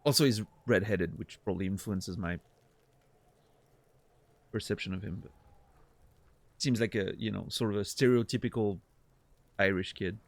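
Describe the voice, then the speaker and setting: A man's voice: on the low side, moderate pace, vocal fry, pauses often, no room sound. A young man streaming a game, chatting casually with viewers, swearing and laughing often. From Switzerland. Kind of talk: casual gameplay chat with viewers.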